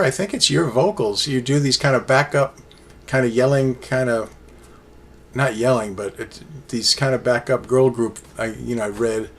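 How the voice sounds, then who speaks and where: Brief: male fan-reviewer, chatty and meandering, speaks with plain enthusiasm. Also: medium pitch. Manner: rambling, enthusiastic fan talk with many fillers. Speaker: music reviewer. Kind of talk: casual solo album review.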